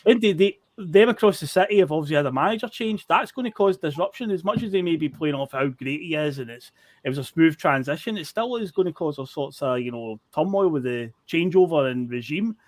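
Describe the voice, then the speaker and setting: A man's voice: fairly high pitch, lively intonation, fairly quick, no echo. A man co-hosting a football podcast, making his points in an emphatic, blunt way with some swearing. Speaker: podcast co-host. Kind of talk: casual football chat.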